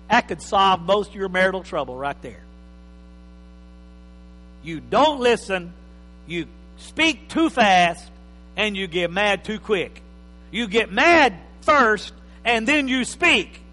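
A man preaching a sermon as pastor, emphatic, swinging between loud and soft. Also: high-pitched, very animated, slow, long pauses. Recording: reverberant hall with faint mains hum.

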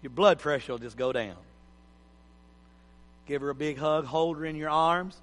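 A man's voice: fairly high pitch, fairly even intonation, moderate pace, a bit bright. A middle-aged man preaching a sermon in a folksy, joking, plain-spoken way. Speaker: pastor. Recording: hall reverb.

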